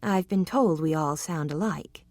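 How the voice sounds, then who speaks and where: A woman voicing an eager, slightly bumbling young gentleman in an audiobook, earnest in manner. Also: low-pitched, measured pace, no echo, clean studio sound. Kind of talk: audiobook character reading.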